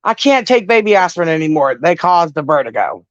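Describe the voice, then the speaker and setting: Profane, animated middle-aged woman caller. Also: on the low side, a little fast, no echo, highs cut off. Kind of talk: casual chat.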